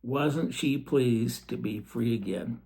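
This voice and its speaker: A man reading a storybook aloud in a gentle way, with chatty asides to the listener. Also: medium pitch, slow pace, creaky, slight background noise.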